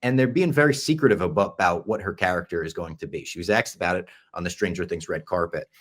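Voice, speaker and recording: Chatty low-voiced male podcast host. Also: fast. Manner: chatty, enthusiastic, drops to a hush for asides. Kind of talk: casual podcast chat.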